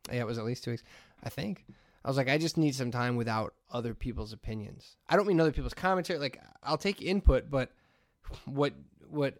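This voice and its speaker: A man's voice: mid-range voice, no echo. Easygoing man in casual chat, dry sound. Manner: easygoing, laughing, reflective. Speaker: podcast co-host.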